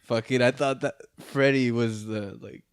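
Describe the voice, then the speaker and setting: A man in casual podcast chat, talking in excitable, halting bursts with laughing interjections. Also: mid-range voice, smooth, no echo.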